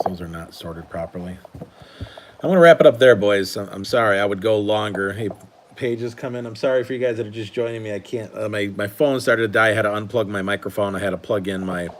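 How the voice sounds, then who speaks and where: A man's voice: fairly low pitch, a little hiss or hum. A man hosting a casual live stream, talking in an easygoing, rambling way with many restarts. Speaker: host and coach. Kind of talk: casual live-stream chat while sorting cards.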